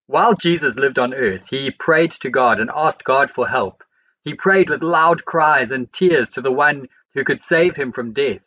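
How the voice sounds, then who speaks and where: Guy reading bible verses slow and steady, bright forceful voice, kinda muffled lo-fi sound. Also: medium pitch. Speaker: Bible reader. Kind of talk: scripture reading aloud.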